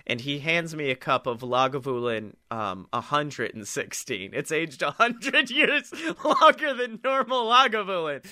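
A man co-hosting a comedy podcast, telling a story in an animated, laughing and profane way. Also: fairly high pitch, measured pace, hardly any pauses, dry recording, studio quality. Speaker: podcast co-host.

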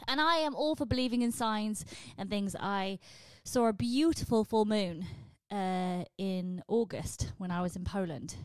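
A British woman hosts a podcast in a loose, comedic monologue. She sounds chatty and jokey and slips in wry deadpan asides. Her voice sits at a middling pitch, recorded close and dry with no room sound. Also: a little slow, few pauses, clean tone, no room sound. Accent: British English. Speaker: podcast host.

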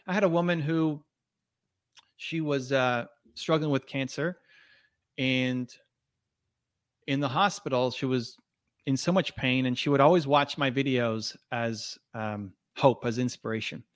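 A man's voice: mid-range voice, measured pace, no echo, studio quality. A man speaking as a podcast guest in an earnest, motivational way, with frequent restarts and fillers. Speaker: podcast guest, video creator. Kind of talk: conversational interview.

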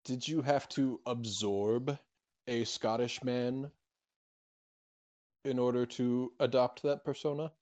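A man's voice: mid-range voice, fairly even intonation, takes it slowly, pauses often, darkish tone, close to an everyday voice. A man improvising a slimy alien crewman. He stammers and stays awkwardly polite. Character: slimy alien crewman who reads crew mail. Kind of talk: improvised sci-fi role-play.

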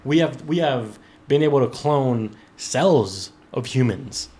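A man hosting a relaxed podcast, working his way through a news article. He reads in a loose, chatty way, tripping over words and breaking off for profane asides to his friends. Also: mid-range voice, slow. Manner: loose, laughing, profane, restarts while reading. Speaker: podcast host. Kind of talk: casual podcast chat, reading an article.

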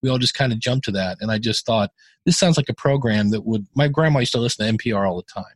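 A man's voice: medium pitch, fast talker, dry recording. A man co-hosting a podcast talks loosely and rambles, circling back with plenty of "you know" and "uh" as he sorts out his thoughts. His voice sits in an ordinary middle range and is recorded close and dry, with no room sound around it. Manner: rambling, many fillers and restarts. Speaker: podcast co-host giving feedback. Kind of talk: casual chat.

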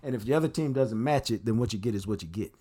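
A man's voice: on the low side, lively intonation, quick pace, warm tone, breathy edge. A man co-hosting a casual sports talk podcast, breaking down games in a laid-back, blunt, analytical way. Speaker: football analyst co-host.

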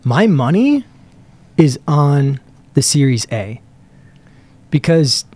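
A man co-hosting a casual podcast, talking excitably and enthusiastically, often trailing off mid-sentence as he hunts for words. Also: a little high, slow pace. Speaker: podcast co-host reviewing cigars. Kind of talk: casual chat.

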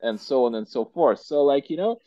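A man's voice: mid-range voice, animated, a little fast, no echo. Russian-accented man, chatty, lo-fi. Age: 30s. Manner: chatty, many fillers like "like" and "you know". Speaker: guest entrepreneur. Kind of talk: casual interview conversation.

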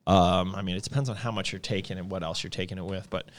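A man's voice: low voice, fairly even intonation, fast. A man co-hosting a podcast in loose, joking casual chat, rambling and laughing easily. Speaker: podcast co-host.

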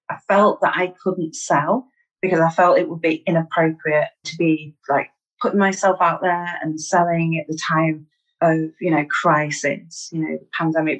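A woman's voice: sits low, low-quality recording. A woman from Manchester with a Mancunian accent, a podcast guest speaking candidly and self-deprecatingly, with fillers. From Manchester, England. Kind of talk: podcast interview.

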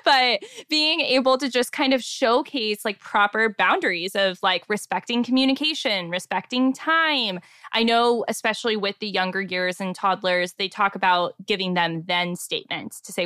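A female podcast host with a clear, resonant mid-range voice speaks at normal speed in clean studio sound with no room echo. She chats casually with her guest in a warm, affirming way, using lots of filler words and many "like"s.

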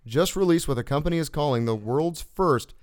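A man hosting a casual podcast, reading news stories in a relaxed, joking way with fillers. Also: on the high side, brisk, clear, resonant tone. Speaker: podcast host.

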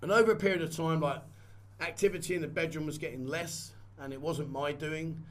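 A man's voice: fairly high pitch, a little fast. A man vlogging a candid personal story in a rambling, conversational way and repeating phrases. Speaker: vlogger and photographer.

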